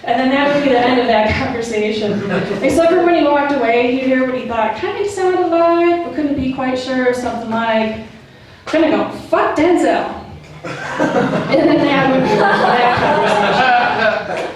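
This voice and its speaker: Performing stand-up at a comedy club, a woman spins a slangy, profane, casual story and voices each of its characters. She speaks at normal speed in a high voice, with background noise. The club sounds echoey and distant, and the crowd laughs throughout.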